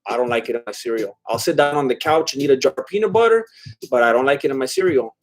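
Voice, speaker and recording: A man's voice: mid-range voice, expressive, quick pace. A man streaming live, reading chat and rambling casually with lots of fillers and laughs. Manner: rambling, filler-heavy, self-deprecating laughs.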